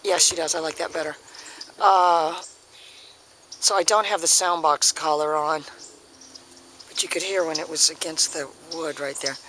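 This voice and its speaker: A woman dog trainer giving casual instructions while filming, with her voice worn from overuse, breaking into high singsong praise for the dog. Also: steady tone, normal speed, pauses often, fairly bright tone, a little hiss or hum. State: losing her voice.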